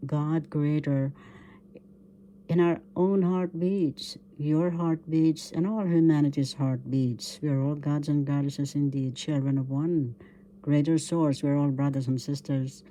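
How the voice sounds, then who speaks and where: Woman from the Philippines, low dark voice, slow deliberate language teacher, syllable-by-syllable drilling. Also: steady tone, slight background noise. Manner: spells out words syllable by syllable, unhurried and devotional. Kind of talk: slow spoken language lesson.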